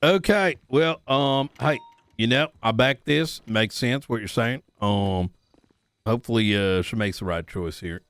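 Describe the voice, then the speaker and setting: A man's voice: mid-range voice, a little slow, a bit bright, clear, resonant tone, no echo. A man playing a police academy trainer in an online role-play, agreeing often and thinking aloud in a casual way.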